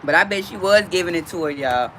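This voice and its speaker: A woman's voice: fairly low pitch, lively intonation, fast, pushed and bright, a little hiss or hum. A woman hosting a casual livestream from outdoors, chatting directly with her viewers. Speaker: livestream host.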